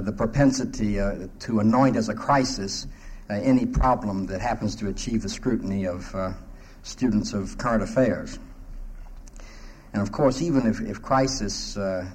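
A man speaking from a panel in a low voice, measured and dryly witty. His formal address moves at a deliberate pace, broken by frequent hesitant pauses, with faint background noise. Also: a little mellow, low-quality recording. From South Carolina, US.

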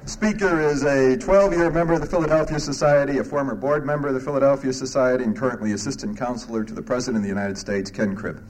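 A male moderator introduces a speaker at a conference, halting and anecdotal, with frequent filler pauses. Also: medium pitch, fairly even intonation, a little mellow, a little hiss or hum.

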